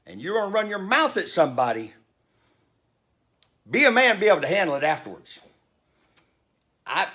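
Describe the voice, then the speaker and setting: Man in his fifties, blunt and profane, ranting with a lively, swinging voice in a fairly high register. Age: 50s. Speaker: vlogger. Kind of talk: heated storytelling rant.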